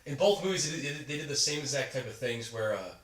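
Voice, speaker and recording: A man's voice: medium pitch, lively intonation, fairly bright tone, distant mic. A young man co-hosting a podcast, chatting casually and rambling as he explains. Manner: rapid, rambling, self-interrupting. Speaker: podcast co-host. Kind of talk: casual movie review chat. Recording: roomy, set back from the mic.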